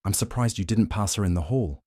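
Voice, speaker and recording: A man's voice: lowish voice, a little fast, mellow, no room sound, clean studio sound, close to an everyday voice. A man voicing a cocky, joking young male werewolf guard who talks in laid-back slang. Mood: casual.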